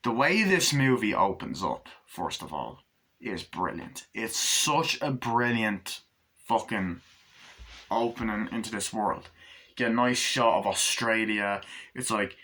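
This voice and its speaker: Male vlogger, lower pitch, forceful tone; profane, rambling, enthusiastic reviewer. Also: animated, slow pace. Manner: enthusiastic, heavy swearing, rambling with restarts. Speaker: movie reviewer. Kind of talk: casual movie review.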